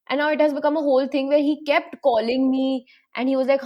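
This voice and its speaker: A young woman, a guest telling stories in an animated way. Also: sits high, quick pace, hardly any pauses. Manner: animated storyteller, acts out quoted voices. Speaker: panel guest. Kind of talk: casual storytelling in a panel chat.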